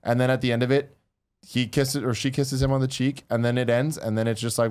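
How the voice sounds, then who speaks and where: A man co-hosting a podcast, dropping dry, wry quips and pitching a simple story idea. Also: little pitch movement, a little fast, darkish tone. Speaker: podcast co-host. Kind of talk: casual chat.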